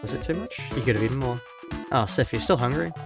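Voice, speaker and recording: A man voicing an excitable child cook who brags loudly about his food, over game music. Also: mid-range voice, fast, gravelly. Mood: pushy.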